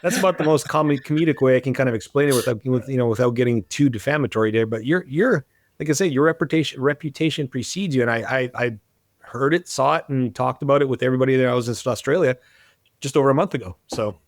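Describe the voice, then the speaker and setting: A man's voice: medium pitch, quick pace, no room sound, clean studio sound. A man hosting a podcast interview, talking in a casual, encouraging way and praising his guest. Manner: casual and encouraging, calls the guest buddy and dude. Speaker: podcast host. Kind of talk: conversational interview.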